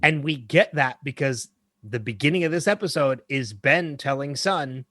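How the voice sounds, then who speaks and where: A man's voice: mid-range voice, moderate pace, no room sound, clean studio sound. A man co-hosting a podcast in casual chat, rambling and correcting himself as he theorizes. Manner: animated, rambling, self-correcting. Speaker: podcast co-host.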